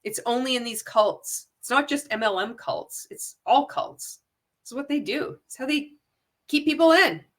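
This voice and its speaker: A woman's voice: sits high, normal speed. A woman talking straight to her viewers in a casual commentary, firing off rhetorical questions and often restarting her sentences. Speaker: anti-MLM video creator. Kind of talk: casual direct-to-camera commentary.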